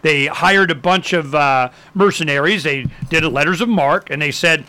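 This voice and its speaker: A man telling history in a casual, animated way, acting out quotes and using many fillers. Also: a little high, normal speed.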